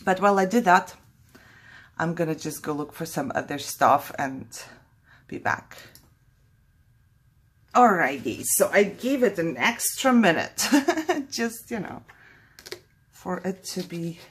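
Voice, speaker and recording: A woman's voice: on the low side, lively intonation, a little slow, husky. A woman hosting a casual craft tutorial, chatty and thinking aloud, laughing at her own mistakes as she works.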